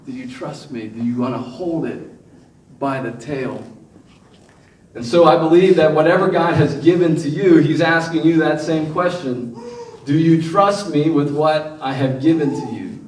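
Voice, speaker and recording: Animated pastor preaching in an echoey hall. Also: male voice, fairly high pitch, a little slow. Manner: animated, laughing preacher acting out bible voices. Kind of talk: sermon. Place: church hall. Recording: echoey room from far off.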